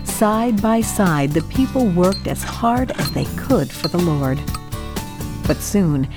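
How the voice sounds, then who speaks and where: A woman storyteller reads a children's Bible story with a cheerful, highly animated delivery and a lowish voice. Soft music plays faintly under her narration. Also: takes it slowly. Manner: expressive, cheerful, addresses young listeners.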